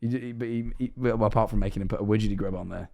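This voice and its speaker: A man's voice: on the low side, fairly even intonation, rapid-fire, creaky, darkish tone. A young man from England with an English accent, chatting casually on a livestream, rambling, joking and swearing. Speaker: streamer. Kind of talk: casual livestream reaction chat.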